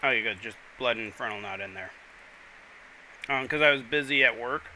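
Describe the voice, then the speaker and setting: A man's voice: medium pitch, moderate pace, sharp tone, a little hiss or hum, low-quality recording. A man hosting a casual gaming livestream, chatting and rambling to viewers while he plays. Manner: chatty, rambling, talks to chat while playing. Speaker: livestream host.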